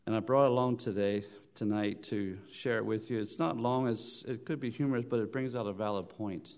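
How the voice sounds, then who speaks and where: A man preaching a sermon in church, telling stories with halting restarts, rising loud on his points and then dropping soft. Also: fairly low pitch. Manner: halting restarts and repeated words.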